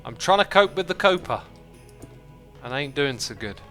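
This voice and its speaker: A man's voice: a little high, animated, moderate pace, pushed and bright, faint music behind. A man casually chatting with viewers on a livestream as he plays, reading chat messages aloud and thinking aloud with frequent fillers and restarts.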